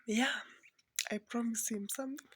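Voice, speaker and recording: Soft-spoken woman, close and dry. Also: fairly high pitch, steady tone, moderate pace, slightly rough, no echo. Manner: soft-spoken, often near a whisper, mixing Swahili into English. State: emotional, near tears. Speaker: vlogger, mother. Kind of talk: casual vlog talk to camera.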